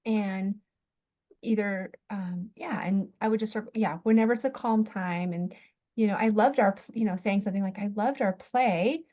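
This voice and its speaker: A woman working as a parenting coach, giving gentle, thoughtful advice on a video call. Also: mid-range voice, fairly even intonation, normal speed, dull audio.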